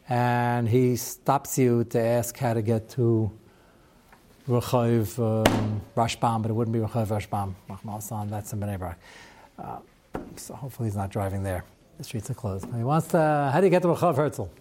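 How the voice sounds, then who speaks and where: A man's voice: mid-range voice, darkish tone, slight background noise. A man teaching a Torah class to students, talking through a text with rhetorical questions and wry asides.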